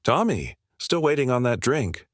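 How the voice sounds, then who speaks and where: A man voicing a loud, rude male diner from Texas who mocks and complains. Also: medium pitch, very animated, a little slow, dry recording, clean studio sound. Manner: brash, mocking, complaining.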